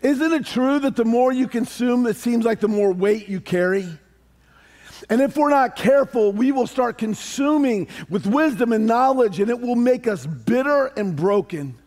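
A middle-aged man preaching a sermon as a pastor, conversational and animated, with humorous asides to the congregation. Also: very high-pitched, normal speed.

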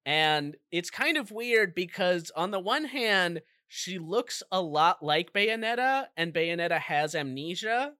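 A man with a bright, fairly high voice walks through a game's story at a slow, easy pace. He tells it like a relaxed storyteller and drops in jokey asides. The sound is dry and close. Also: dry recording. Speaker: podcast co-host. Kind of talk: casual chat, recapping a video game plot.

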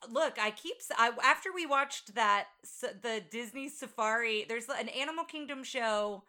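A woman's voice: fairly high pitch, normal speed, sharp tone. A woman co-hosting a podcast, chatting casually and sharing movie trivia with frequent fillers. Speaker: podcast co-host.

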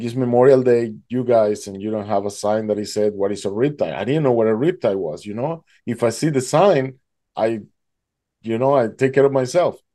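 Guest, male, halting storyteller, mellow warm tone. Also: on the low side. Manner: halting, fills with "like" and "you know". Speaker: guest telling his survival story. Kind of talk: emotional personal storytelling.

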